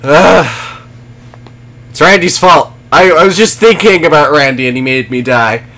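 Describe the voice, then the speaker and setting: Streaming a video game, this man swears and sarcastically taunts enemies while chatting with viewers in profane live commentary. His voice is on the high side, pushed and bright, and a little slow.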